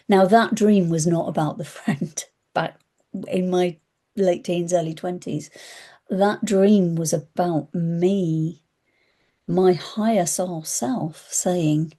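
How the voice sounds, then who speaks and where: Mellow, husky woman, spiritual advisor. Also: on the low side, measured pace. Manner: animated storytelling, acts out anxious inner voices, drops to hushed whispers. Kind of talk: spiritual talk to camera.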